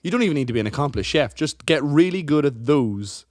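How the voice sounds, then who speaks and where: A man's voice: a little high, animated, quick pace, a little mellow, no echo, studio quality. A man co-hosting a podcast in casual comedic chat, rambling and swearing as he tells stories. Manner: rambling, sweary, acts out people in quotes. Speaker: podcast co-host.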